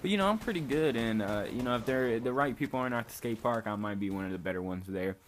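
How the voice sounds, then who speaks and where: A young man's medium-pitched voice moves fast and expressively as he casually tells a story on his vlog. He's laid-back, drops "like" constantly, and swears freely, with faint background noise in the recording.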